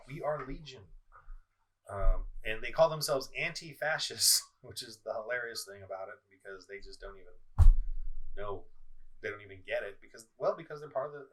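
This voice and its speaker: Man, middle-aged, ranting vlog commentary, accusing tone, lots of restarts, bright forceful voice, distant mic. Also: medium pitch. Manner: heated, accusing, full of restarts and repeats. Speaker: political vlogger. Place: indoors at home, in front of a screen. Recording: voice somewhat far from the mic.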